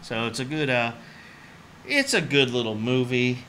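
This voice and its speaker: A man's voice: mid-range voice, sing-song, normal speed, sharp tone, slight background noise. An easygoing man co-hosting a movie podcast, animatedly retelling scenes from films. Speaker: podcast co-host. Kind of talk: casual chat about movies.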